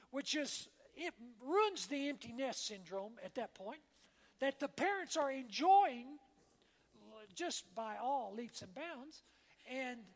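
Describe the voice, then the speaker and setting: A woman pastor delivers a sermon from the pulpit in a homey, conversational way, checking in with the congregation as she talks. Her voice sits high. The sound carries a long reverb, as if it fills a large church sanctuary. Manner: conversational preaching, often checking in with "all right?" and "amen?".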